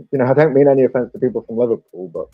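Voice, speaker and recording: A man's voice: mid-range voice, slightly rough, dry recording. A man with a Stoke-on-Trent English accent, chatting casually and telling anecdotes with frequent laughs. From England. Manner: chatty storyteller, laughs often. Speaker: podcast guest. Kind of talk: casual chat. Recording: dull lo-fi dry mic with faint music.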